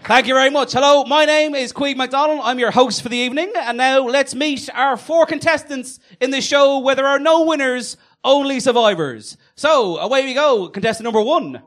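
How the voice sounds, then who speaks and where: A man hosting a live comedy show on stage, announcing with loud, showy energy. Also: very high-pitched, moderate pace, few pauses.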